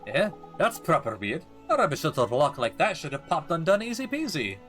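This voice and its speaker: A man's voice: a little high, sing-song, fairly quick, a bit bright, soft background music, pitched above the performer's own voice. A man voicing a cheeky, chummy male fairy sidekick who talks in breezy British slang. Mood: puzzled.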